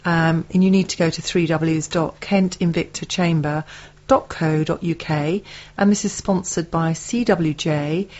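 A woman's voice: low-pitched, steady tone, a little slow, a little mellow, muffled recording. A woman co-hosting a local radio show, reading event announcements and teasing her co-host.

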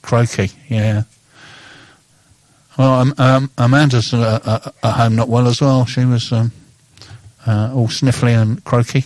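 Male radio host, jokey, halting with fillers, dry close sound. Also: mid-range voice, fairly even intonation, a little mellow, no room sound. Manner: joking, hesitant, many fillers. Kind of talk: casual radio chat, reading tweets.

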